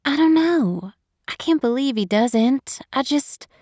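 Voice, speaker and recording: A woman's voice: a little high, big pitch swings, moderate pace, warm tone, no room sound, pitched above the performer's own voice. Fiery, meddling woman, played by a female narrator; emphatic, dry close studio sound. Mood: upset, determined. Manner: heated, emphatic.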